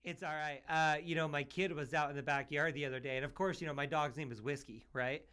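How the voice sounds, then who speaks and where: A man who hosts a podcast and works as a paramedic, telling stories in a loose, animated way with lots of "you know" and "like". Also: on the high side, quick pace, clear, resonant tone. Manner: animated storyteller, full of fillers like "you know" and "like". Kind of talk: casual chat, telling stories.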